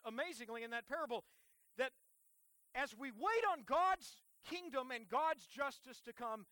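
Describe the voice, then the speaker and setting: A man preaching a sermon as pastor, leading the congregation in a responsive reading and closing in prayer, swinging between loud emphasis and soft hushed passages. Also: very high-pitched, no echo.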